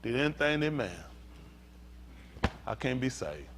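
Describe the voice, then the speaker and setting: A man preaching a sermon as pastor, swinging from hushed talk to shouting. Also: medium pitch, very animated, a little slow, noisy background.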